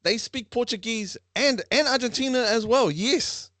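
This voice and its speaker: A man hosting a lively quiz for a class, playful and teasing with frequent laughter. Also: very high voice, normal speed, no room sound. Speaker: online class quiz host.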